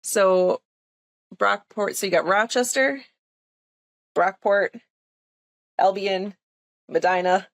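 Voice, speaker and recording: Recorded without any room sound, this nurse speaks in a mid-range voice at a slow pace with long pauses. She's a young woman appearing on a podcast, recounting something that happened to her in a chatty, emphatic way, her speech full of "like" and "um."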